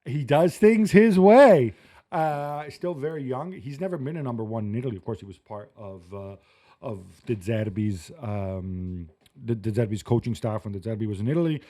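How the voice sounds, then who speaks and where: A man's voice: on the low side, a little fast, mellow. A man talking football as an analyst on a sports panel, thoughtful and hesitant, with many fillers.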